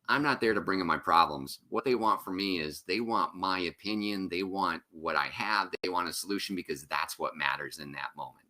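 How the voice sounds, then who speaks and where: Low, bright-voiced man giving a keynote. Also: lively intonation, a little fast. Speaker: keynote speaker and author. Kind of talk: conference talk over video.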